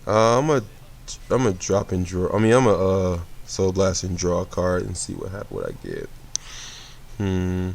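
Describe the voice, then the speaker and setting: A young man giving casual commentary on a card game he is playing, sleepy and relaxed, often rambling and correcting himself. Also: low voice, a little slow, gravelly. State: sleepy, yawning.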